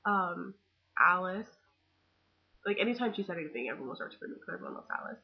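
A teenage girl gushing about a movie in a casual webcam vlog, excitable and full of fangirl chatter. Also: lowish voice, quick pace, breathy edge, lo-fi sound. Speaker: vlogger.

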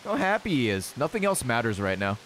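An American man giving casual, excitable gameplay commentary, joking and talking to the creatures on screen. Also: mid-range voice, fairly quick, a little hiss or hum. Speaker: gaming video creator.

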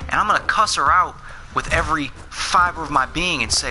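A man's voice: on the high side, fairly quick, bright, forceful tone, soft background music. Worn-out ranting young man streamer. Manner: exasperated, ranting, swearing. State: frustrated and worn out. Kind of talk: live gameplay commentary.

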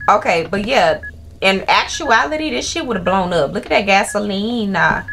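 A woman's voice: medium pitch, animated, normal speed, creaky, slight background noise. Foul-mouthed woman streamer. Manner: loud, profane, swearing reactions. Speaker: gaming streamer. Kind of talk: horror gameplay commentary.

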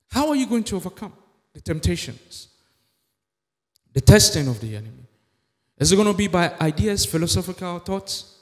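A pastor preaching a sermon in a church, emphatic with many rhetorical questions. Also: male voice, high voice. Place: church sanctuary. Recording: echoey church hall.

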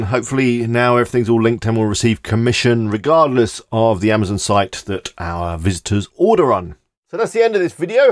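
In a mid-range voice, a male tutorial host walks through screen-recorded software steps, chatting casually and thinking aloud with each click. The recording is clean studio sound with no echo.

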